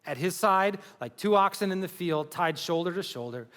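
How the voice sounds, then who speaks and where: Preaching as a pastor in a large church hall, a man grows from earnest to passionately emphatic. His voice is high and fairly bright, with lively intonation at a moderate pace, and the recording has a big-room sound.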